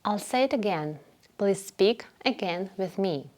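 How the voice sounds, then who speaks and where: Slow, patient woman English teacher. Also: mid-range voice, animated, a little mellow. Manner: clear, patient, repeats phrases for learners. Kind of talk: slow instructional narration.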